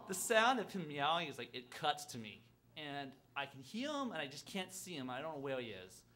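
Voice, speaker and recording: A man telling a personal story on stage at a live storytelling event, halting and self-deprecating, with lots of fillers and restarts. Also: on the high side, sing-song, pushed and bright, slight background noise.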